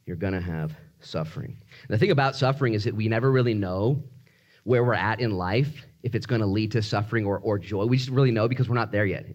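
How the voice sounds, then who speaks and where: A male pastor preaching a sermon, moving between quiet prayer and lively, animated teaching with high excited outbursts. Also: quick pace, highs cut off.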